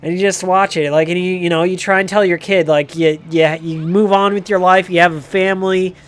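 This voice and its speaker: A man's voice: high-pitched, fairly even intonation, brisk, smooth. A man hosting a livestream who rambles through a sardonic, profane comic rant. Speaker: livestream host.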